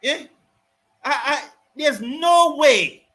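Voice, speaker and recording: Man, cricket commentary, indignant rant, high-pitched voice, repetitive, emphatic. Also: lively intonation, unhurried, pushed and bright. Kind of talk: live fan commentary and rant.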